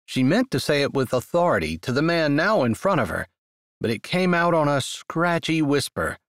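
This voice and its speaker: A man narrating a romance novel in an expressive, unhurried storytelling manner, close on the mic. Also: a little high, no echo. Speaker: audiobook narrator. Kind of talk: scripted narration.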